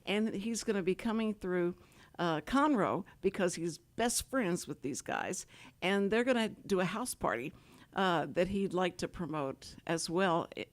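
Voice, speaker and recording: In a radio studio, a Houston, Texas woman hosts a talk show, chatting casually with guests, rambling and laughing often. Her voice is fairly low-pitched and her pace a little slow.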